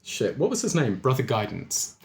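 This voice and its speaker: A man's voice: mid-range voice, big pitch swings, moderate pace, vocal fry, darkish tone, a little hiss or hum. A man narrating as game master of a tabletop game, rambling with fillers. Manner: rambling, full of fillers and chuckles. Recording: roomy echo.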